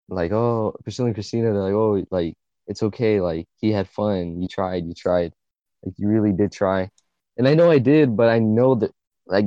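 A man's voice: deep voice, dark tone, no room sound, lo-fi sound. A young man in his late teens, co-hosting a podcast, telling an emotional story in a rambling, swearing way full of filler words. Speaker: podcast co-host. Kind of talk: casual storytelling chat.

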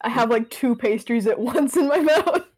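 A woman's voice: a little high, expressive, normal speed, a little mellow, breathy edge. A woman playing in a tabletop role-playing game, chatty and giggly. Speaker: player.

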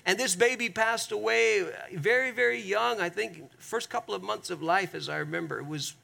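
A man preaching a sermon as pastor, earnest and emphatic, often turning to the congregation and slowing down hard on the key phrases. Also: high-pitched, gravelly, pushed and bright. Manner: slows down sharply on key phrases.

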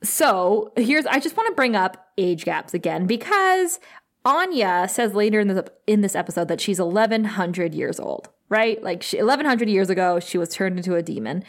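A woman co-hosting a casual podcast, animatedly retelling scenes and acting out dialogue, quick to laugh. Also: mid-range voice, expressive. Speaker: podcast co-host. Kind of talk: casual recap chat.

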